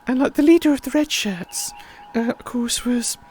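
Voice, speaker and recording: A woman's voice: fairly high pitch, normal speed, darkish tone, breathy edge. A woman hosting a livestream, chatting in a rambling, casual way with many fillers. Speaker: livestream host.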